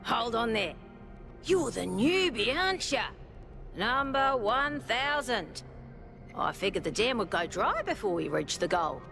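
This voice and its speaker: A woman's voice: a little high, sing-song, a little slow, gravelly, pushed and bright, faint music behind, full character voice. A woman voicing a sly, conspiratorial robot recruiter in a video game, in a confiding, wheedling manner. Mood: probing.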